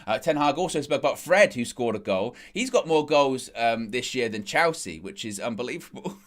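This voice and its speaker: A man's voice: medium pitch, expressive, normal speed, fairly bright tone. A man hosting a football fan show, chatting casually after a match and building up emphasis on his key points. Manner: reads out quotes then comments. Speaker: football fan-channel host.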